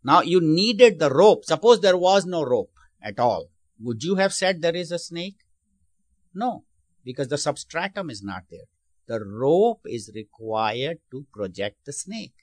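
A man's voice: a little high, big pitch swings, unhurried, dry recording. A man teaching a spiritual lesson in a sermon style, explaining patiently, asking his listeners questions, and often restarting his phrases. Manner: explanatory, asks the audience questions.

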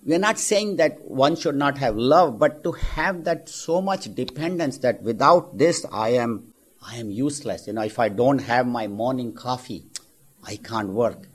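A male spiritual teacher tells a parable in a husky, conversational voice. His delivery is animated, with frequent asides to listeners. It sounds like a sermon. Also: mid-range voice, moderate pace. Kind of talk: storytelling sermon.

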